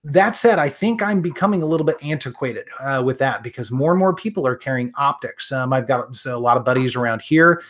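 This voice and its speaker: A man's voice: mid-range voice, animated, fairly quick, hardly any pauses, a bit bright. A man with a Midwestern accent hosting a live stream, chatting casually with viewers, friendly and rambling with lots of ums and restarts. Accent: Midwestern American. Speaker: gun channel host answering live chat.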